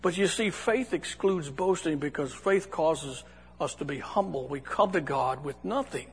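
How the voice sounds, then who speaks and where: Preacher, male, high husky voice, folksy and chatty, church hall with a long echo. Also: expressive, measured pace. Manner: folksy, conversational, many restarts. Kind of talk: sermon.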